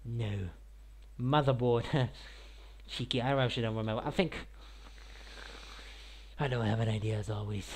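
Rambling excitable man commenting on gameplay. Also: moderate pace, long pauses. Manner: rambling and excitable, with sudden loud high shouts; says "like", "mate" and "I guess" often. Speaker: gaming YouTuber.

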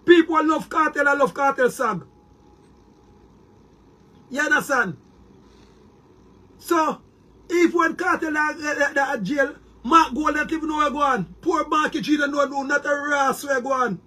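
A man's voice: extremely high pitch, measured pace, pauses often, bright, forceful tone. A Jamaican man delivering a heated, boastful monologue to his viewers, repeating words and restarting often. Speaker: online commentator.

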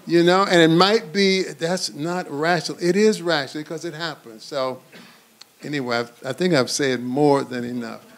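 An older man speaking passionately to an audience as a panel speaker, halting and repeating words as he goes. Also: on the high side, background noise. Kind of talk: impassioned speech to an audience.

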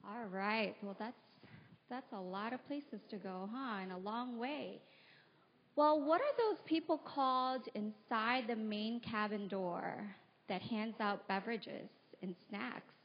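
A woman's voice: fairly high pitch, slow. A woman telling the children a story about her own past at a church service, talking to them and acting out the voices of her family. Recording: dull lo-fi live stream audio.

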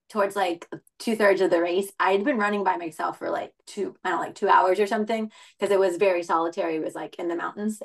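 Chatty woman guest full of fillers. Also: lowish voice. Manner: rambling, many fillers, laughs easily. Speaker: podcast guest. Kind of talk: casual chat.

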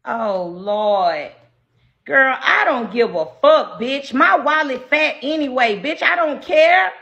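Ranting loudly at her live chat, a brash woman streamer curses freely and tears into viewers. Her voice is high, bright, sharp, and gravelly, with wild pitch swoops and animated but slow delivery, captured in dull-sounding audio.

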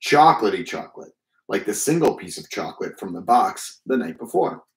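A man's voice: lowish voice, big pitch swings, brisk, creaky, roomy sound, low-quality recording. Man reading a children's story aloud. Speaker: reader. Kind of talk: children's book read-aloud.

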